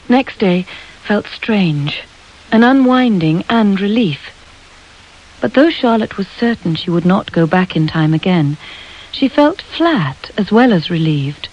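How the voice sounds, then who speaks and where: A woman reading a children's novel aloud at a middling pitch, measured and expressive. The recording sounds slightly muffled and dull. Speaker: audiobook narrator. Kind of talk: storybook narration.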